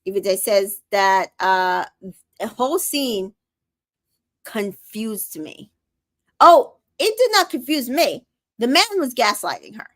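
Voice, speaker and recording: A woman's voice: medium pitch, big pitch swings, slow pace, fairly bright tone. A woman hosting a casual show recap, reading viewer comments aloud and giving sassy, opinionated reactions.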